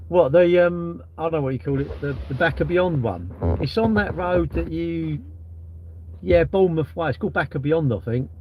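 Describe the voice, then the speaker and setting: A man's voice: fairly high pitch, a little hiss or hum. A middle-aged man, rambling and swearing freely in casual live-stream chat. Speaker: livestreamer. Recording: dull, lo-fi live-stream audio.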